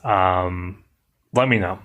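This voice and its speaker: A man coaching English conversation in a casual, relaxed lesson, talking things through and stressing words for emphasis. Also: deep voice, slow pace.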